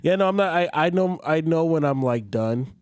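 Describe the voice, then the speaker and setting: Animated man telling stories, swearing freely. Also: a little high, normal speed, clean tone, no echo, studio quality. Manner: animated storyteller, swears often, acts out quotes. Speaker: podcast co-host. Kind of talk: casual chat.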